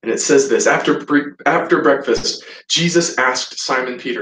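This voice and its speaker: A man preaching a sermon, telling a story with animated delivery and acting out the scenes. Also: mid-range voice, normal speed, slight background noise. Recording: roomy hall, voice from a distance.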